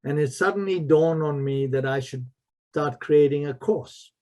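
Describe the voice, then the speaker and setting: A man's voice: on the high side, moderate pace, darkish tone. A man who is a martial arts master and spiritual mentor, telling stories in an interview with emphatic repetition. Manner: emphatic, repeats key phrases. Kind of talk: storytelling in a podcast interview.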